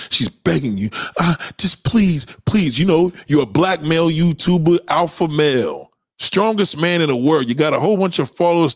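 A man hosting a livestream, telling a profane comic story in an animated way and giving shout-outs to viewers in the chat. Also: on the high side, dry recording, clean studio sound. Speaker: livestream host. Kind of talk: comedic storytelling rant on a livestream.

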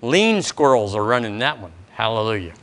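A man's voice: on the low side, moderate pace. A man preaching a sermon as a pastor, throwing questions to the congregation. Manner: animated preaching, quizzes the congregation. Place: church service.

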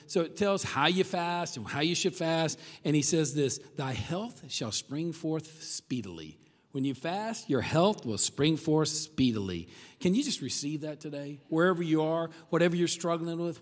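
A man preaching a sermon in a chatty, conversational way, often checking in with the listeners. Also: fairly high pitch. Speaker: pastor. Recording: long hall reverb.

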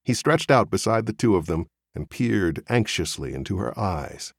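A man narrating a literary novel as an audiobook reader, in a measured, expressive storytelling manner. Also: lowish voice, vocal fry, dry recording, clean studio sound.

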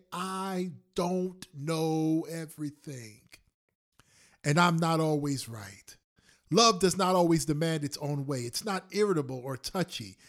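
High-pitched, slow-preaching pastor man. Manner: repeats lines slowly for emphasis; preaching cadence, swinging loud and soft. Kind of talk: sermon on a prayer call. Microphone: phone call.

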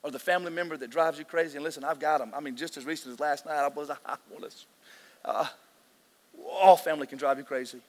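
A man preaching a sermon as pastor, emotional and excitable, often restarting his sentences. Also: a little high, quick pace. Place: large church hall. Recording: long hall reverb.

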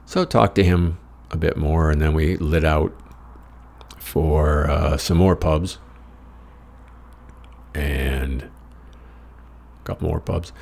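Deep rough-voiced american guy telling a story, dry and sweary, a little hiss. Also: steady tone, slow pace, long pauses, darkish tone. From United States. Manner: wry, profane, rambling with self-mocking asides. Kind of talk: casual personal storytelling.

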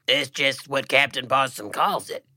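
A man co-hosting a comedy podcast, reading his own story aloud in a deadpan, folksy way and stubbornly arguing back. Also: medium pitch, a little slow, dry recording. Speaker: podcast co-host and author. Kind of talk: comic reading of his own story, then casual chat.

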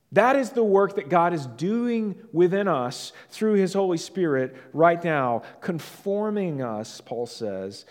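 A man with a rather high voice preaches a sermon with earnest emphasis. He repeats key phrases and sinks low on the important words, and a long reverb trails behind him as in a large hall. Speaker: pastor.

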